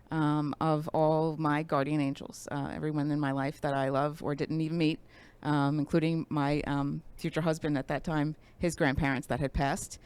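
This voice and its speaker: A woman speaks as a talk show guest, her voice low for a woman and smooth and resonant in tone. She talks softly and haltingly, pausing often with fillers as she gathers her thoughts in a casual interview. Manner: soft-spoken, halting with many fillers.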